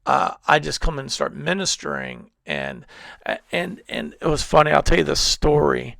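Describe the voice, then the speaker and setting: A male pastor preaches in a lively, swooping voice with a heavy gravelly rasp. He rambles through stories, restarting his sentences again and again. The recording is dry and close, with little room sound. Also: a little high, normal speed, no room sound. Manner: rambling storytelling with many restarts. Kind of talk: sermon. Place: church service.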